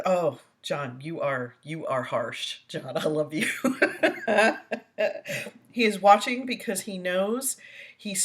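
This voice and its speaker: A middle-aged woman hosting a casual commentary stream, chatting and rambling as she reads viewer comments aloud, often laughing. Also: sits low. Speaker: host.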